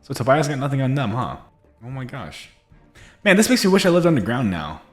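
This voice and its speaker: A man's voice: mid-range voice, very animated, brisk, soft background music. A man giving casual, chatty commentary while playing a game, reading in-game notes aloud and often laughing. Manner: chatty, reads in-game texts aloud, frequent laughs and restarts. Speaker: gameplay streamer.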